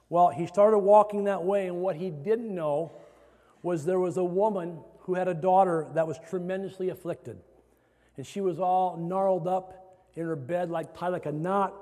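A male preacher with a high-pitched voice tells a sermon story, building dramatically toward loud emphasis. His voice carries the long reverb of a large hall.

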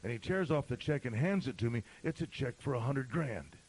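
A middle-aged male pastor telling a story in a sermon, swinging from shouting to a hushed whisper. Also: medium pitch, expressive, fairly quick, husky, poor audio.

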